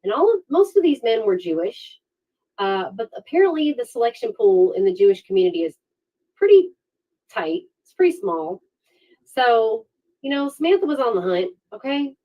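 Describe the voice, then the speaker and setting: A woman's voice: fairly high pitch, moderate pace, dull audio. Sarcastic woman hosting a true-crime stream. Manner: sarcastic, animated storytelling. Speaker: true-crime livestream host. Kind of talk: casual true-crime commentary.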